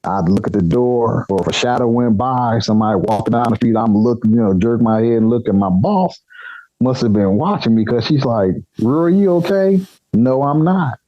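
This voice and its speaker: A man telling a story as a podcast guest, in a blunt, colloquial, animated way, acting out the other people's lines. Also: on the low side, fairly quick, dry recording, highs cut off. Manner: animated, acts out dialogue in other voices; colloquial, blunt, swears casually. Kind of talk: storytelling anecdote.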